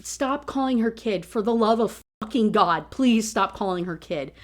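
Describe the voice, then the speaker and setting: A woman's voice: on the high side, lively intonation, normal speed. A woman ranting through a book review in a casual, profane, exasperated way.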